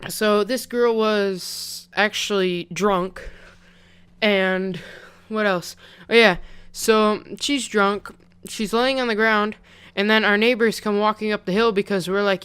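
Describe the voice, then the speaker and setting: Young man, chatty rambling storyteller, very clear smooth voice, desk mic with pop filter. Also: high-pitched, fairly even intonation, takes it slowly, sharp tone. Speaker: vlogger. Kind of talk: casual storytime vlog.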